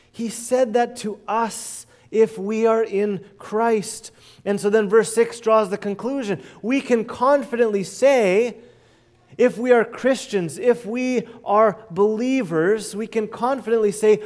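High-voiced earnest preaching man. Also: takes it slowly. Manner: earnest preaching, swelling loud then dropping soft and low. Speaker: pastor. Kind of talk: sermon.

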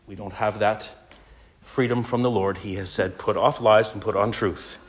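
A man preaching a sermon in an earnest, emphatic way, often dropping quieter as he voices inner thoughts. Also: on the low side, fairly even intonation, normal speed.

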